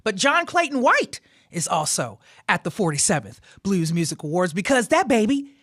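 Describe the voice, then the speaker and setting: A woman's voice: medium pitch, very animated, normal speed, no echo, clean studio sound. A woman hosting a radio show in casual, playful chat, teasing her co-host and laughing easily. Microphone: studio microphone.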